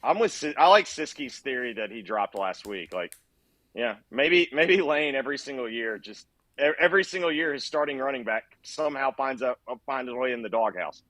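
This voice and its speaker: A man's voice: medium pitch, animated, moderate pace, fairly bright tone, no room sound. Hesitant man on a dry mic. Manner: hesitant, restarts while working through an idea. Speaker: panelist. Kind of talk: postgame show chat.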